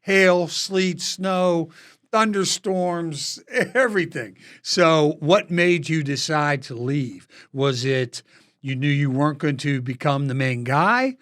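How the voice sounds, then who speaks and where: A man's voice: fairly high pitch, slow pace, a bit bright. A man hosting a podcast interview, joking and encouraging his guest. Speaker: podcast host. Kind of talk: casual interview chat.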